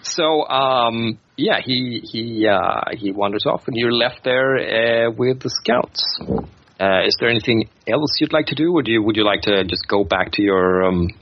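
A man's voice: medium pitch, unhurried, a little hiss or hum. A man narrating as game master of a tabletop game, hesitant and full of fillers. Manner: hesitant, with many fillers and restarts. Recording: dull lo-fi recording.

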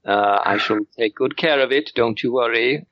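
A man voicing a stiff, disdainful butler who speaks slowly and formally during a tabletop game. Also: medium pitch, no room sound, dull audio, natural voice. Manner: slow, formal and clipped.

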